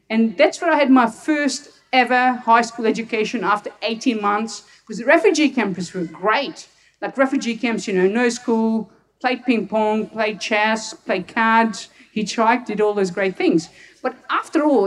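A woman's voice: on the high side, distant mic. A woman from Hungary who is a doctor, telling personal stories to an audience and laughing often. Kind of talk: personal storytelling talk to an audience.

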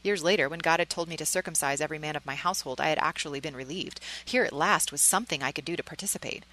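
A woman narrates a story in the first person, earnest and emotionally engaged. Her voice is low-pitched yet bright and crisp. Small slips and restarts come through now and then. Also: racing, low-quality recording.

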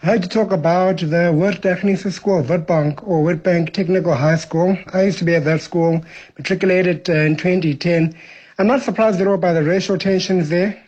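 A man in his thirties from South Africa leaves a matter-of-fact voice note for a radio show. His voice is high, and the recording sounds dull and lo-fi. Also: steady tone, moderate pace, darkish tone, husky. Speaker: caller leaving a voice note.

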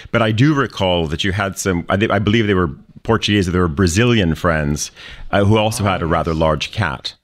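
A man hosts a live panel talk, his low voice rattling along at speed. He throws teasing questions and tangles himself in quick restarts. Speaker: host. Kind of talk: live radio panel hosting.

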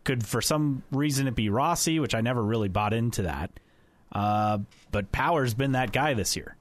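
A man co-hosting a podcast in casual chat, relaxed and chatty. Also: medium pitch, normal speed, no room sound. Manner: relaxed, chatty, laughs often. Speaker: podcast co-host.

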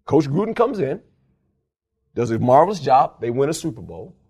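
An older man who used to coach football tells stories in an animated interview, very lively at a moderate pace, his voice darkish and slightly rough. He's emphatic, laughs often, and acts out quotes in a raised, high voice.

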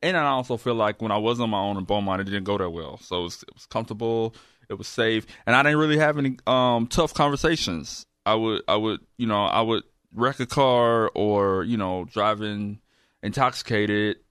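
A man talking casually as an interview guest, halting, with many fillers and restarts. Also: fairly low pitch, a bit bright, clear, resonant tone, no echo, studio quality. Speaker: guest, recovery program graduate.

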